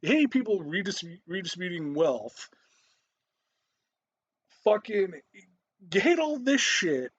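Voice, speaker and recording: A man's voice: high voice, very animated, unhurried, long pauses, husky, muffled recording. A man giving a profane, ranting reaction commentary, swearing heavily and cutting in with laughs.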